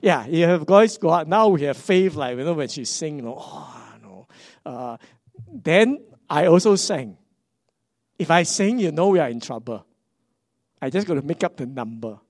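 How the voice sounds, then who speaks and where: A middle-aged man with a Singaporean English accent, preaching a sermon as a pastor, animated and swinging between hushed and emphatic. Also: on the high side, normal speed, dry recording, studio quality.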